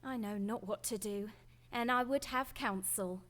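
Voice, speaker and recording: A woman's voice: medium pitch, a little slow, a bit bright, close to an everyday voice. An actress playing an anxious Catholic woman who speaks in old-fashioned, formal English.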